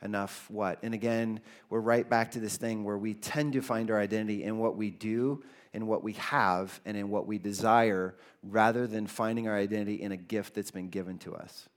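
A man preaching a sermon as pastor, earnest, with his voice rising for emphasis and dropping low for quoted lines. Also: fairly even intonation, moderate pace, hardly any pauses.

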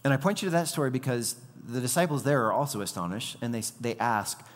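A man in a large hall delivers a sermon in an animated storytelling way, slipping into quoted voices. His mid-range voice rings with a long reverb around him. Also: mid-range voice, fast, few pauses. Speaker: preacher.

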